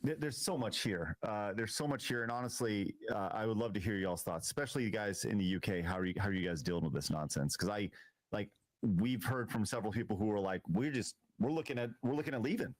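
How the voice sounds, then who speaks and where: A man's voice: on the low side, fast, dry recording. Chatty guy host, says stuff twice, reads out comments, dry sound. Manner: animated, repeats himself, reads viewer comments. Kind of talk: casual political chat.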